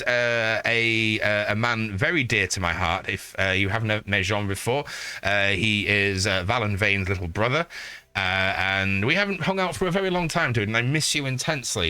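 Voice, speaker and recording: A man in his forties from northeast England with a northeast English accent, chatting casually while streaming a video game, rambling and swearing freely, with loud excited greetings. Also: fairly low pitch, moderate pace, clear, resonant tone, no room sound. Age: 40s. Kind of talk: casual live-stream chat.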